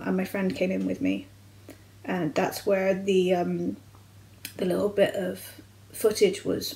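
A young adult woman vlogger, from the United Kingdom, recounting a personal medical experience in a candid, halting way with frequent restarts. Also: mid-range voice, darkish tone, poor audio. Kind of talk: personal storytelling vlog.

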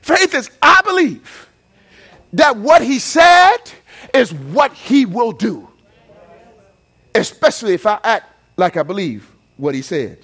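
High, bright-voiced preaching man. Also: sing-song, slow pace, long pauses, breathy edge. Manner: preaching with rising shouts and dramatic swings of volume; folksy, playful storytelling with acted quotes. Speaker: pastor. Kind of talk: sermon.

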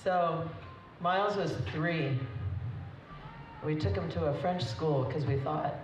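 A woman's voice: deep voice, slow. Chatty mother toasting at a wedding. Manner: chatty, laughing, emotional. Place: wedding reception hall. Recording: echoey dull hall recording from far off, crowd noise.

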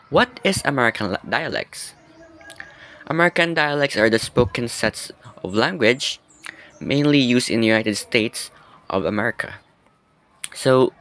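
A man's voice: medium pitch, a bit bright, a little hiss or hum. A man giving a class presentation, explaining things and asking the class questions. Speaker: student presenter.

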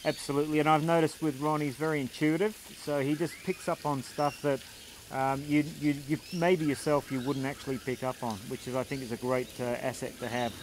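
A man interviewing a guest, encouraging him with quick affirmations. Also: fairly high pitch, flat delivery. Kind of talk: interview questions. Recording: noisy background.

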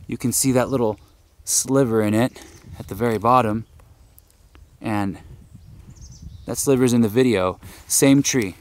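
A man hosting an outdoor walkthrough on a mountain trail, out of breath and pointing things out as he explains. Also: mid-range voice. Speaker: host, investigator. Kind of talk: casual on-site walkthrough.

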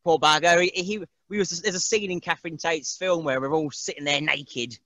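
Rambling, bright-voiced man. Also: a little high, moderate pace, no room sound. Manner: rambling, laughs often, mimics voices. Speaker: interview guest. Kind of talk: casual chat.

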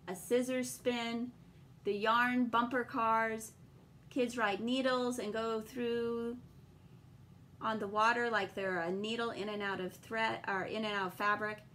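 Slow, gentle woman teacher. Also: fairly high pitch, slight background noise. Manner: slow, gentle and encouraging, asks children questions. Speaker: teacher reading a picture book. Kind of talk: read-aloud lesson talk.

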